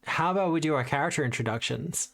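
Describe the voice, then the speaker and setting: An easygoing man runs the tabletop game and chats casually with his players. He teases them in a relaxed, friendly way. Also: on the high side, quick pace, creaky. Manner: teasing, easygoing. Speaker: game master. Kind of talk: casual chat.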